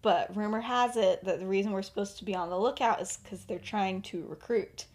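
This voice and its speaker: Cautious middle-aged father, put on by a woman, quiet and worried. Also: mid-range voice, fairly quick, lightly acted.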